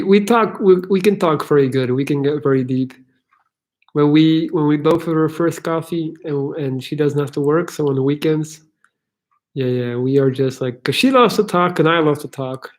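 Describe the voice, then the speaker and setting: A man's voice: fairly high pitch, normal speed, long pauses, darkish tone. A man hosting a livestream Q&A, chatting casually and joking as he answers viewer questions. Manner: chatty and joking, laughs easily. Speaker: livestream Q&A host.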